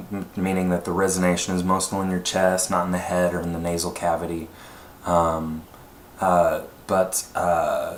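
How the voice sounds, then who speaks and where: A man with a very deep, chesty voice walks through an informal voice acting demo, rambling loosely and pausing often. He is recorded in an echoey room, with faint noise in the background. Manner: explains in a loose, rambling way with many pauses. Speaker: voice actor.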